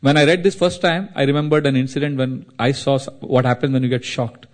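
A man from India, telling a devotional story as a sermon, in a dramatic, animated way. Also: medium pitch, quick pace. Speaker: spiritual speaker.

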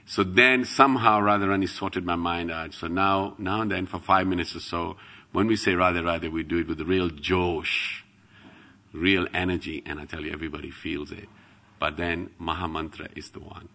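A middle-aged man tells devotional stories in a low, gravelly voice with a bright, forceful edge. He swings from loud exclamations to hushed asides and laughs as he goes. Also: fairly even intonation, normal speed. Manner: laughs while telling stories. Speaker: devotional speaker. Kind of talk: devotional storytelling talk.

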